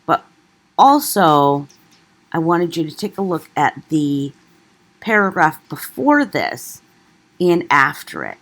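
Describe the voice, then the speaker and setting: Low, slow-spoken woman teacher. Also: very animated, a bit bright. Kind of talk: classroom lecture.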